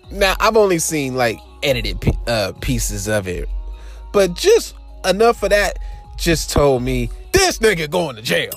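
A young man with an African American Vernacular English accent hosts his show in loose, profane commentary. His pitch sits a touch high and swings widely. Faint music plays underneath. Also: a bit bright. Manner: loose, profane, laughing asides. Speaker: podcast host. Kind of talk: casual commentary.

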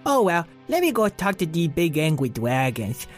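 Goofy dog president, someone doing the voice, all over the place pitch-wise, faint music behind. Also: big pitch swings, moderate pace, close to an everyday voice. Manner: goofy and rambling, with sudden squeaky jumps. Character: easygoing dog who is president.

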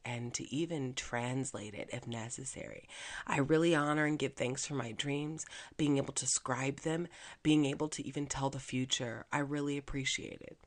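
A woman hosting her own podcast, talking alone in a chatty, upbeat way with plenty of fillers. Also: very deep voice. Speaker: podcast host. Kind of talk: casual solo podcast monologue.

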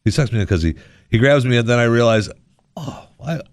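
A man's voice: medium pitch, expressive, fast, no room sound. A man hosting a radio talk show, rambling on in a sarcastic, jokey monologue from a studio microphone.

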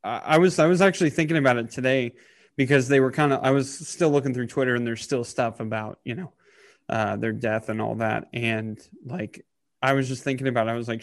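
Halting, emotional man with a dry sound. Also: mid-range voice, no room sound. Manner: halting, many fillers and restarts, gets choked up. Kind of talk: casual emotional podcast talk.

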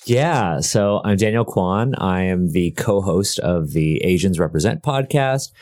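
A man from Canada with a very deep voice chats about his projects as a podcast guest, loose and a bit rambling. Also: measured pace. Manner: relaxed, rambling with fillers. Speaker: guest game designer. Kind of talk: casual interview chat.

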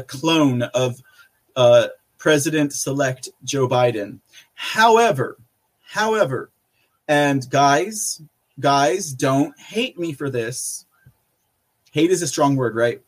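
A man hosting a live podcast, reading out viewer chat in a casual, rambling way with lots of fillers and frequent laughter. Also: on the high side. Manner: chatty, rambling, laughs often, many fillers. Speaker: podcast host.

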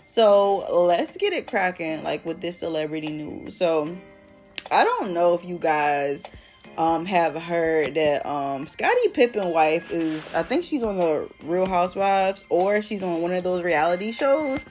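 A woman's voice: on the low side, lively intonation, measured pace, darkish tone, soft background music. A young woman hosting a casual solo podcast, chatting in a slangy, rambling way with lots of "like", and feeling emotional today. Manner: slangy and rambling, heavy use of "like". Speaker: podcast host.

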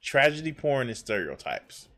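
A man with a mid-pitched, ordinary voice talks bluntly over a clip he is reacting to. He swears freely and stops and restarts as he works out his point, in a loose streamer style. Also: very animated, moderate pace, fairly bright tone, faint music behind. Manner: blunt and profane. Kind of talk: casual reaction commentary.

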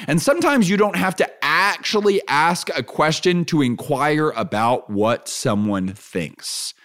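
A man hosting a solo podcast who teaches in an earnest way. He repeats his key phrases and keeps adding asides like "right?". He turns lively and laughs easily when he acts out examples. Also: a little high, moderate pace, hardly any pauses. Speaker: podcast host.

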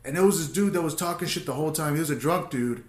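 A man's voice: on the high side, rapid-fire, reverberant. A man hosting a casual chat, telling stand-up stories in a loose, joking way. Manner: laid-back storytelling, crude jokes. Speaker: podcast host and stand-up comedian.

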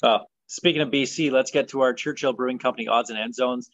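A man's voice: medium pitch, quick pace, dull audio. A man hosting a football talk show, chatting casually and firmly with fillers and opinions. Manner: relaxed, opinionated, many ums and uhs. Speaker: sports podcast host.

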